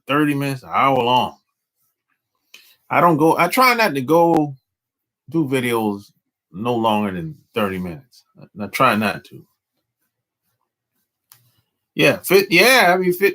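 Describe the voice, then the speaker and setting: A man hosting a casual live stream, talking in slangy, drawling speech with lots of repetition. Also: mid-range voice. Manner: slangy, drawling, animated, repeats himself.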